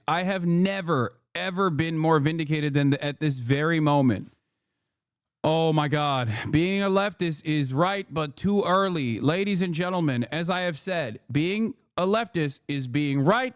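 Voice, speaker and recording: A man in his thirties giving casual live-stream commentary, animated, emphatic and profane. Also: fairly high pitch, clear, resonant tone, dry recording, studio quality. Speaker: streamer reacting to news.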